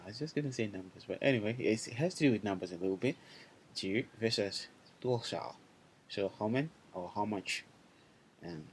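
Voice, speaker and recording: Guy with a lowish voice teaching a class, rambly, keeps saying right?. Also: slight background noise. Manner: loose, repetitive, checks in with students. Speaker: language teacher.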